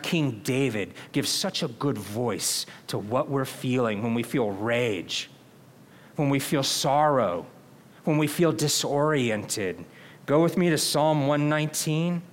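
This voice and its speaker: Here a man with a slightly high voice preaches as a pastor. He sounds sincere and chatty, often turning to the congregation with questions.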